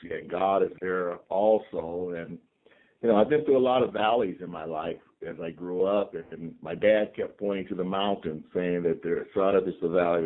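A man in his sixties from California, a team chaplain calmly telling stories from his life as a podcast guest. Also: sits low. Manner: calm, reflective storyteller. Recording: tinny phone-like remote line.

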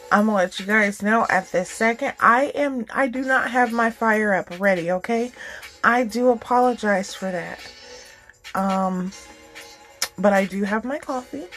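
Slow-talking woman podcast host. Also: medium pitch, faint music behind, poor audio. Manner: warm, encouraging, rambling with many fillers. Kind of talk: casual heartfelt talk.

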